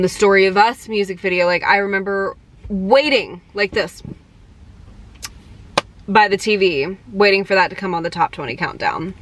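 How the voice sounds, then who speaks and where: Young woman, casual vlog storytelling, excited, chatty, lots of fillers. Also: medium pitch. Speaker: vlogger.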